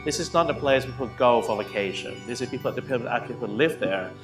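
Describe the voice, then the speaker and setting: A man's voice: mid-range voice, quick pace, far from the mic. Earnest guy talking over music, roomy sound. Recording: echoey clip with music behind.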